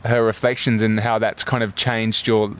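A man hosting a casual interview, asking questions in a quick, encouraging and reflective way. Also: on the low side, little pitch movement. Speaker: host.

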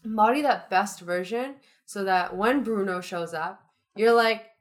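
A woman's voice: medium pitch, unhurried. A young woman co-hosting a podcast, talking in an upbeat, chatty, motivational way. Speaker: podcast co-host. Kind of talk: casual chat.

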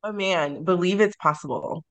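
A woman's voice: on the low side, normal speed, fairly bright tone. A woman author being interviewed on a podcast, speaking in a reflective, sentimental way and laughing easily. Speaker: guest author.

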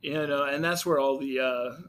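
A man's voice: medium pitch, normal speed, fairly bright tone, slight background noise. A young man co-hosting a podcast in casual chat, joking crudely and mimicking voices. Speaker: podcast co-host.

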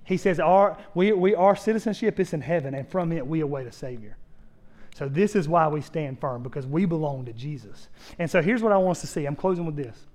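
A man's voice: a little high, a little fast, darkish tone. A male pastor, around his thirties, preaching a fervent sermon with emphatic repeated phrases and direct questions to the congregation.

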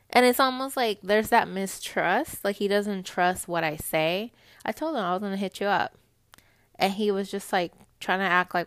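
A young woman telling a story to her viewers in a casual, animated rant, swearing freely as she gets heated. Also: medium pitch, unhurried, clean tone, no room sound. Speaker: vlogger.

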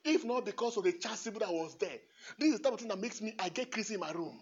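A husky-voiced male priest delivers a fervent homily in a church, dropping to near-murmurs and then rising to shouts, and repeating his phrases for emphasis. The recording sounds dull and lo-fi. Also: high-pitched, fast. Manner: emphatic, repeats phrases, swings from hushed to shouting, laughs often. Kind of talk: impassioned homily.

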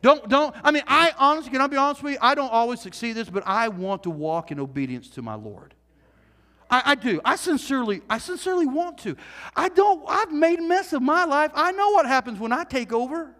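A man preaching from the pulpit in a strikingly high voice, earnest and animated. He keeps asking his congregation questions and restarts phrases as he presses his point. His words ring out with a long reverberation in a large church hall. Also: brisk. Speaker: pastor. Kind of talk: sermon.

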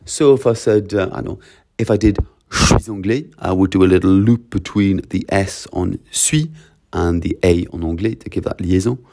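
A man with a Geordie accent talks through his teaching methods in a casual monologue. His voice is very low and gravelly with a mellow, dark tone. He is emphatic and piles up point after point in brisk lists. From North East England. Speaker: language teacher.

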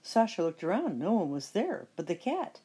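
A middle-aged woman reading a children's picture book aloud with expressive storytelling. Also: lowish voice, moderate pace, husky. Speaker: storybook reader.

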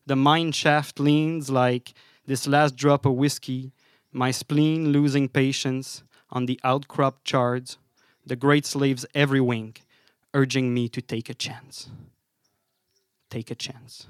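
A man's voice: mid-range voice, little pitch movement, slow pace, clear, resonant tone, no room sound, clean studio sound. A man with a French Canadian accent performing spoken word poetry on a live stage, with a wry, apologetic, rhythmic delivery.

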